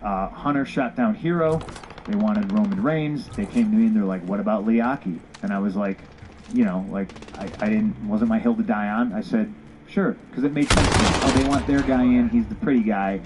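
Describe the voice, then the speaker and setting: A man's voice: fairly low pitch, normal speed, a little mellow, a little hiss or hum, poor audio. A man telling a story bluntly with lots of swearing, acting out both sides of old conversations. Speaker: former pro wrestler telling a story. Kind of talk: casual candid storytelling.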